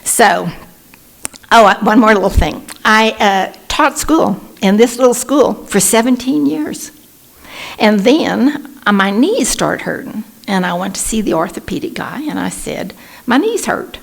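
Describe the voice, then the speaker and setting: A woman in her sixties from Texas with a Texan accent, sharing her recovery story at a support meeting in a lively storytelling manner, acting out the people she quotes. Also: mid-range voice, unhurried, gravelly. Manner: warm storytelling, animated when quoting others. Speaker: Al-Anon speaker. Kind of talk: personal recovery talk. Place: meeting room.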